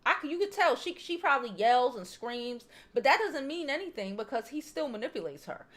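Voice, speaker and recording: A woman hosting a casual celebrity gossip chat, blunt and profane, reading viewer comments and talking straight to her audience, calling them "child" and "y'all". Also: a little fast. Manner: swings between loud animated bursts and low near-murmurs. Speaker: host. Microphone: home streaming setup, waiting on new mics.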